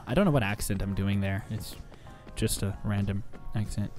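Over game music, a man gives rambling, jokey let's play commentary, frequently talking back to the game. His voice is on the low side with a darkish tone, and he speaks at a moderate pace.

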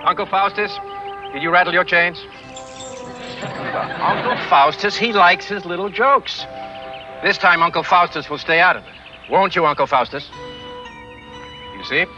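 Suave brother-in-law, soothing, high, bright tense tone, dull TV audio. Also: male voice, moderate pace, long pauses. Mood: coaxing. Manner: soothing, coaxing. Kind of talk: 1970s TV comedy acting. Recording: dull TV soundtrack with faint music, from a distance.

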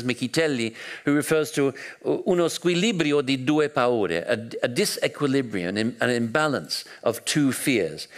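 Man, historian, public lecture, mid-pitched voice, hesitant restarts, anecdotal storytelling. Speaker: historian giving a talk.

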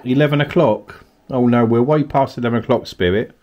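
A man's voice: medium pitch, brisk, a little mellow, muffled recording, a little hiss or hum. A man from Kent, a paranormal investigator in an abandoned cottage at night, calling out politely to spirits and coaxing them to answer. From Kent, England. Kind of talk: ghost-hunting narration.

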